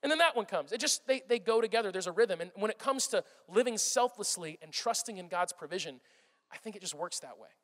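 High-voiced man preaching in a hall. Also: fast. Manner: animated storytelling, acts out voices, swings from loud to hushed. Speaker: pastor. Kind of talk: sermon. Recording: long reverb of a large hall.

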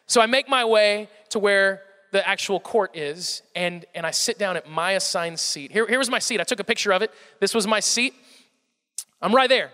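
Young male storyteller, high and bright, self-mocking and animated, heard in a reverberant hall. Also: normal speed. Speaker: speaker addressing a live audience. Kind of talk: comic storytelling talk.

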